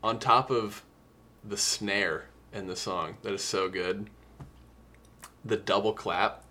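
Podcast co-host, male, lower voice, earnest casual music chat, gets emotional. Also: fairly even intonation, slow pace, pushed and bright. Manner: emotional, earnest, quotes lyrics at length.

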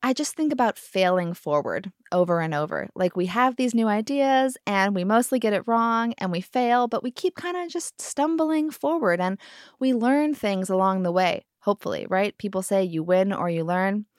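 A woman's voice: mid-range voice, moderate pace, dry recording, studio quality. Wry, sarcastic woman podcast host. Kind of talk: casual conversation.

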